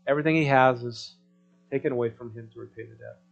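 A man preaching a sermon in a conversational way, checking in with the congregation through rhetorical questions and swinging between loud emphasis and soft asides. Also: mid-range voice, fast talker, gravelly, muffled recording, soft background music. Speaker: pastor.

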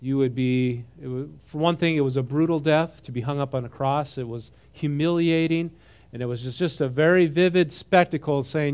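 A preacher teaching a Bible passage gives an animated, conversational sermon, reading scripture aloud, adding his own commentary and repeatedly questioning the congregation. His voice is clear and resonant, somewhat high for a man, at normal speed.

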